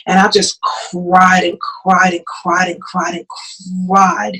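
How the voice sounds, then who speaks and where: A woman's voice: on the low side, little pitch movement, slow pace, pushed and bright, poor audio. A woman pastor telling her own story as a podcast guest, earnest and emotional, often repeating phrases. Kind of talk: personal testimony in an interview.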